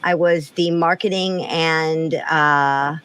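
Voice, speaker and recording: A woman's voice: sits low, fairly even intonation, slow, a bit bright, smooth. A woman guest on a podcast, chatting casually and explaining things with a wry, storytelling manner.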